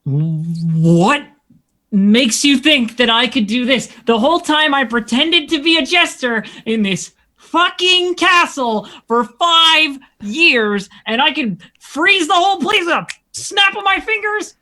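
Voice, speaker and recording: A woman's voice: sits high, lively intonation, takes it slowly, sharp tone, exaggerated voice. A woman voicing a sly gray-skinned sorcerer who posed as a jester, brash and mocking.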